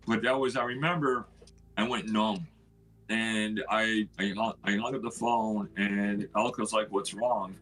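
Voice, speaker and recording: A man, the owner of the house, telling an emotional personal story in a halting way and acting out what people said to him. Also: fairly low pitch, steady tone, a bit bright, low-quality recording. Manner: emotional, halting, acts out quoted dialogue.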